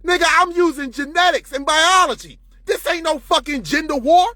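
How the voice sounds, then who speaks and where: A man's voice: very high voice, lively intonation, moderate pace, pushed and bright, dry recording. A man in an unscripted monologue to camera, profane and preachy, often heated. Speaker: vlogger.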